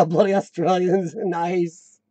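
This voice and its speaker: A man's voice: high voice, steady tone, slow, warm tone, no echo, dull audio. An American man hosting a live stream, rambling casually and joking to his viewers. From United States.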